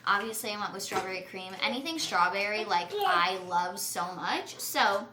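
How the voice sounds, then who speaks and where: A woman's voice: medium pitch, animated, normal speed, pushed and bright, echoey room, slight background noise. A young woman vlogging casually at home, chatting and saying "like" a lot as she cooks in her kitchen. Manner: chatty, full of "like" fillers. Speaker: lifestyle vlogger. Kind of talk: casual vlog chat to camera.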